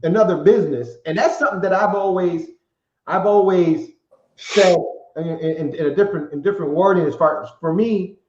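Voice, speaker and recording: A high-voiced male podcast host muses on grit and persistence in a reflective tone. His voice comes through muffled and echoey, over what sounds like a remote call. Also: fairly quick. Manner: reflective, motivational musing. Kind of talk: casual podcast chat.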